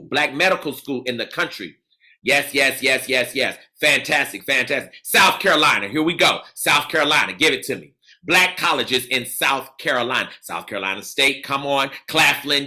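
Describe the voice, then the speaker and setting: Exuberant man with a bright, forceful voice. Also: a little high. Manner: exuberant, repeats cheers like "come on" and "absolutely". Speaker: speaker leading an audience call-and-response. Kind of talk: energetic call-and-response lecture.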